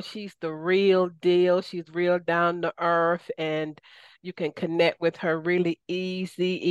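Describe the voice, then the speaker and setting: Excited Southern woman radio host. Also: lowish voice, clean tone, dry recording. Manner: enthusiastic, folksy, says y'all. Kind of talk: casual radio talk.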